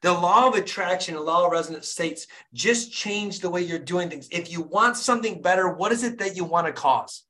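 A man's voice: high voice, brisk, hardly any pauses, bright, forceful tone. A fired-up young man, a dentist, hosting a group video call and urging listeners on with repetitive, preachy motivation.

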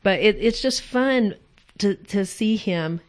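A woman in her forties chats on a podcast, spinning family stories with bubbly, animated enthusiasm. Her voice sits at an ordinary middle pitch for a woman. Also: slow pace. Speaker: podcast co-host. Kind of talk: casual family chat.

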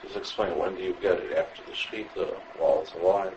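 Man in class, very low voice, brief quiet questions, lo-fi recording, faint noise. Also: steady tone, fast talker. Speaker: student.

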